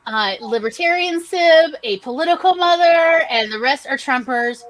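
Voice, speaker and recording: A woman's voice: high-pitched, lively intonation, moderate pace, fairly bright tone, low-quality recording. Chatty Southern American woman. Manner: chatty, laughing, reads comments aloud with asides. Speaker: podcast co-host. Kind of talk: casual livestream chat reading audience comments.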